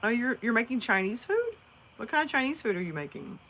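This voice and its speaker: A woman from northern Alabama with a Southern American accent hosts a live stream, chatting casually, rambling with viewers and laughing often. Her voice is a little high and fairly bright, with big pitch swings and a slightly fast pace, over slight background noise.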